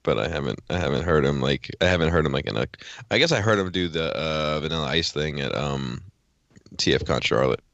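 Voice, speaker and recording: Male co-host, very deep voice, lively and bright, dry close sound, halting talker. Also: gravelly, dry recording, muffled recording. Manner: halting, stammering, laughing. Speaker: podcast co-host. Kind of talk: casual chat.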